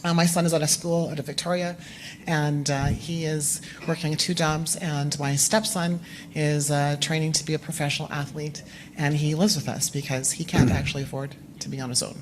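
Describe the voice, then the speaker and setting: A woman from Alberta giving a soft, hesitant personal comment at a town hall. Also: low-pitched, steady tone, moderate pace, a little hiss or hum.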